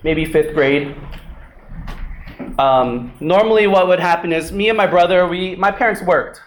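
Pastor guy with a high voice, chatty sermon, keeps saying right?, tells stories animated. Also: a little slow. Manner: conversational, frequent "right?" asides; animated storytelling, acts out voices. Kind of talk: sermon with prayer and personal story.

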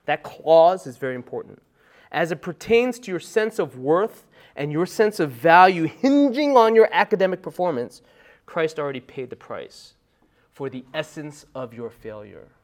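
A male pastor preaching a sermon in a conversational, emphatic style, checking in with the congregation with frequent asides and swinging between soft remarks and loud bursts. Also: on the high side, expressive, normal speed.

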